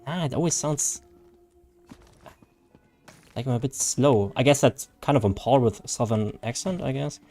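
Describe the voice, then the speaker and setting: A man's voice: medium pitch, normal speed, hardly any pauses, a little mellow, soft background music. A man chatting casually on a live game stream, reading viewer chat, joking and laughing often.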